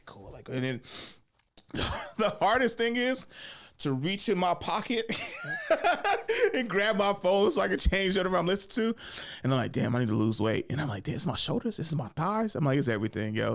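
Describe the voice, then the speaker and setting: A man's voice: high voice, sing-song, a little fast, gravelly. A young adult man, a comedian and host, talking casually and animatedly in a solo monologue, laughing often and putting on voices.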